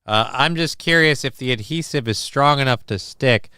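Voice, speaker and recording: A man hosting a live stream, reading viewer messages aloud in a rambling, deadpan way with lots of fillers. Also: medium pitch, moderate pace, smooth, no room sound, clean studio sound. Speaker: live-stream show host.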